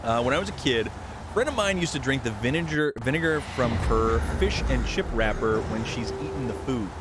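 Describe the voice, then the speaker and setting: A man's voice: mid-range voice, expressive, moderate pace, heavy background noise. A man live-streaming a game, chatting loosely with viewers, joking and reading out the chat. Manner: rambling, jokey, reads chat aloud.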